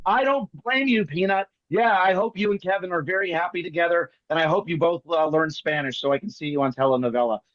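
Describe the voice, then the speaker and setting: A man performing as a magician, telling jokey stories in quick comic patter over a video call. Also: fairly high pitch, a bit bright, dull audio. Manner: rapid joking storyteller, playful teasing. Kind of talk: comic patter on an online show.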